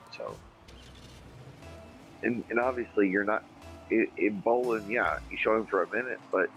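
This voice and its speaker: A man with a very low, deep voice hosts a loose livestream chat. He rambles, swears freely and reads viewer comments aloud in an emphatic, offhand way. Faint music plays underneath. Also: vocal fry, a bit bright, poor audio. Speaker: livestream podcast host.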